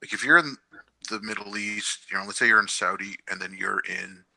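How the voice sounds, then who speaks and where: A man's voice: on the low side, a little fast, creaky, bright, forceful tone, no echo, rough recording. A man co-hosting a podcast, making his points emphatically with examples. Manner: emphatic, building an argument with examples. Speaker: podcast co-host. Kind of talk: casual interview chat.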